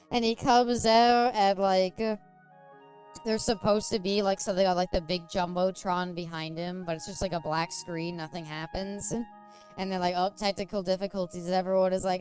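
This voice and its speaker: A woman's voice: mid-range voice, fairly even intonation, normal speed, clear, resonant tone, soft background music. Giggly rambling woman streamer. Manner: giggly, rambling, crude jokes. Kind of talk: casual gameplay chat.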